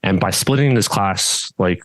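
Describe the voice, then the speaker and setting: A man who teaches judo, chatting casually on a podcast in a steady tone that barely changes, with frequent restarts and fillers. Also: deep voice, unhurried, dry recording. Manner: steady tone that does not rise even when louder; rambling, with many restarts and fillers. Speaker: judo instructor and podcast co-host.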